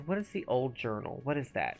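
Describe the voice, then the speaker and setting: A gaming streamer chatters casually through a play session, thinking out loud and sometimes mumbling. The pitch moves around a lot, bouncing up and down. Faint game music plays underneath. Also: sing-song, a little fast. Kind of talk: casual live-stream commentary.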